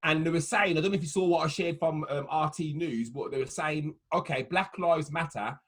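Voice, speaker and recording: A man's voice: on the high side, a little fast, fairly bright tone, husky. A man with a Birmingham accent, co-hosting a podcast, rambling with many ums. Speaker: podcast co-host. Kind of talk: casual chat.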